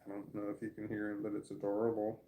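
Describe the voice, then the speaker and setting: A man's voice: fairly low pitch, monotone, fast talker, mellow. A man who stammers, chatting candidly on a live stream and reading viewer comments aloud, blunt and earnest, swearing casually. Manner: stammers, with frequent repeated words and restarts.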